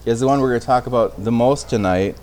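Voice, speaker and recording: A man's voice: mid-range voice, fast talker, darkish tone. A man teaching an informal Bible study in a conversational way, often restarting phrases and checking in with his listeners. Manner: conversational, with frequent restarts and tag questions.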